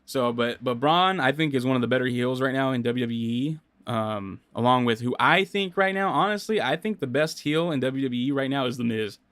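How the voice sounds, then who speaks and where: A man rambles through his own solo podcast in a casual, unscripted way, stopping and restarting his sentences often. His voice is smooth and clear at a middling pitch. The sound is dry and close, with no room echo. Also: lively intonation, normal speed, few pauses, a bit bright. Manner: rambling, many fillers and restarts. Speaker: podcast host. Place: home studio.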